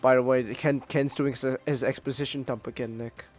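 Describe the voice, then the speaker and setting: A man's voice: medium pitch, fairly even intonation, fairly quick, a little mellow, faint music behind. A man streaming as a vtuber, joking and protesting while reading comics with a friend. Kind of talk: casual stream banter.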